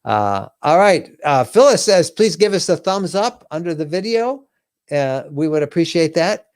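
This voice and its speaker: A man's voice: fairly high pitch, lively intonation, moderate pace, clear, resonant tone, no echo, studio quality. A middle-aged man hosting a live RV question-and-answer stream, chatty and upbeat, thanking viewers by name. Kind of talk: casual live-stream chat.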